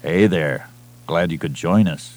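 A man's voice: deep voice, measured pace, darkish tone, voice pushed down. A man voicing a wry, sardonic middle-aged starship captain and father, in a dry drawl, in an audiobook reading.

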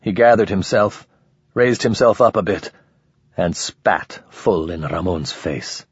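Male audiobook narrator, slow, husky, low voice, dull dry lo-fi recording. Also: no echo. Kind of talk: scripted narration.

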